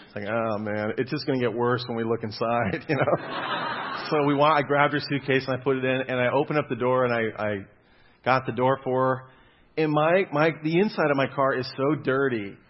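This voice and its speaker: A man's voice: mid-range voice, fairly quick, a little hiss or hum. A young man giving a casual, conversational sermon, mixing scripture reading with self-deprecating personal stories and frequent laughter. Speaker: preacher. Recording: dull lo-fi recording.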